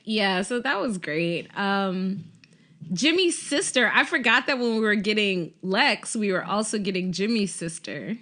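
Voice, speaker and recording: A woman co-hosting a casual TV recap podcast, animated and quick to laugh, often acting out what the characters said. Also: medium pitch. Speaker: podcast co-host.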